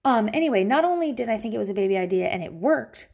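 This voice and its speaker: Blunt, animated, foul-mouthed mom vlogger. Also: female voice, fast talker, creaky. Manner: blunt and profane, frequent swearing and "um" fillers; animated, jumps between high and low pitch. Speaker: parent vlogging about teaching her kids at home. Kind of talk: casual, candid advice talk to viewers. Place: at home.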